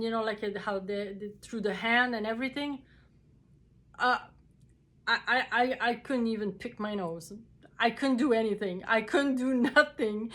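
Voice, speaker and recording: A woman's voice: a little high, a bit bright. A middle-aged woman vlogging, telling a personal story casually with many fillers and restarts, acting out what people said. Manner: chatty, many fillers and restarts, acts out quoted lines.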